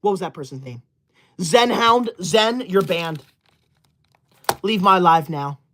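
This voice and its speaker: A man goes full character voice here: high-pitched, animated, pushed and bright, delivered slowly. He plays a self-righteous, touchy teacher's-pet streamer boy who indignantly scolds and bans viewers in melodramatic bursts as part of a comic skit.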